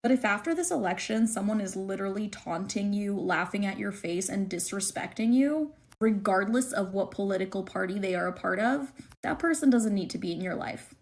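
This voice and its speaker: A woman's voice: mid-range voice, expressive, fairly quick, a little mellow. A woman speaking earnestly to viewers, encouraging them with advice.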